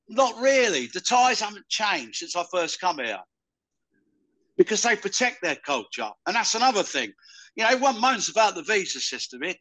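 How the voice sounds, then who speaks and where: Loud older man, rambling. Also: high voice, low-quality recording. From United Kingdom. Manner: loud, rambling, calls the listener "mate". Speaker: interviewee. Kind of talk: casual conversation.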